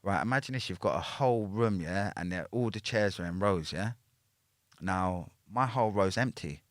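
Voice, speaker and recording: A man's voice: low-pitched, lively intonation, normal speed, no room sound, clean studio sound. A man, a podcast guest telling a story in casual talk, packed with slang and tags like "yeah?" and "innit". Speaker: podcast guest, former prisoner.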